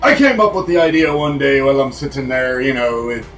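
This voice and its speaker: A man's voice: mid-range voice, animated, a little fast, fairly bright tone, recorded from a distance, faint music behind, close to an everyday voice. A man voicing a jolly adult male pirate, in rambling, casual pirate talk. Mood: boastful.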